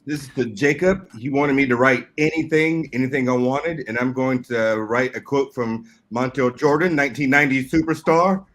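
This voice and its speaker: A man's voice: medium pitch, moderate pace, few pauses, a bit bright, soft background music. A man, a voice actor, signing prints on a livestream and musing playfully. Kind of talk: casual livestream chat.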